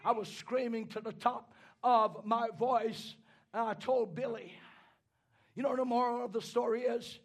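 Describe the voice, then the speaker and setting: High-voiced preacher who bursts into shouting. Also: male voice, steady tone. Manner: impassioned, rising into shouts, halting repetitions. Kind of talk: sermon.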